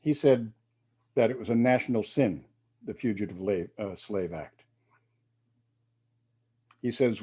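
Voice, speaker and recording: A man's voice: medium pitch, moderate pace, long pauses, dark tone. A male minister giving a reflective sermon, with quoted readings and casual asides.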